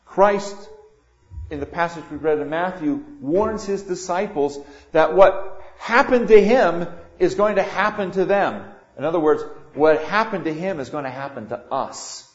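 An older man preaching a sermon, swinging between loud emphatic lines and quiet asides. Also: sits high, lively intonation, measured pace. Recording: echoey room, dull lo-fi sound.

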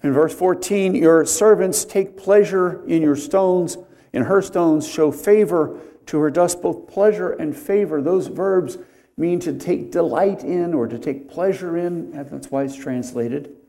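A man preaching an expository sermon, deliberate and conversational, pausing to stress key words and drifting into homely asides. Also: on the high side, dark tone.

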